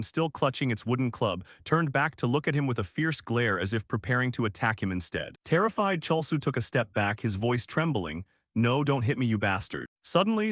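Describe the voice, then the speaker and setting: Male recap narrator, animated scripted storytelling, middle pitch, dry booth. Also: dry recording.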